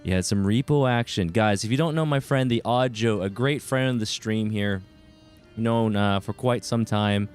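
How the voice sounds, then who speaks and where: A man hosting a live game stream, chatting casually and warmly greeting his viewers by name. His voice sits a little low and comes across smooth and clean. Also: normal speed, soft background music.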